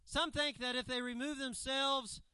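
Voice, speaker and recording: A man's voice: very high voice, fairly even intonation, normal speed, pushed and bright, smooth, no room sound, poor audio. A man preaching a sermon as a missionary, emphatic and fond of repeating key phrases. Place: church.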